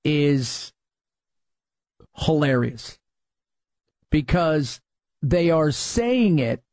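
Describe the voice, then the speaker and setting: A man's voice: a little high, big pitch swings, drawn-out words, a little mellow, dry recording. A middle-aged man hosting a talk radio show, joking casually and playfully mangling names before moving into reads. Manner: jokey, mangles names playfully, laughs at himself. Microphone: studio microphone.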